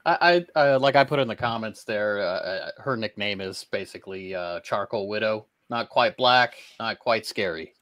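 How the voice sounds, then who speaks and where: A man's voice: on the low side, moderate pace, hardly any pauses, fairly bright tone. Wry joking man chiming in. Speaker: co-host. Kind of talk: casual banter.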